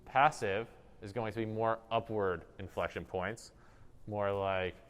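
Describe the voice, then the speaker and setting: A man explaining social-emotional improv exercises in a conversational way, pausing to demonstrate tones of voice. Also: on the low side, steady tone. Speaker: improv workshop instructor.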